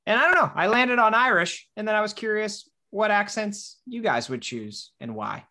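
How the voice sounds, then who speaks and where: A man's voice: high voice, sing-song, moderate pace, bright, forceful tone. A man from Wisconsin co-hosting a casual podcast, curious and a little rambling as he talks. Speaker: podcast co-host. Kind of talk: casual chat.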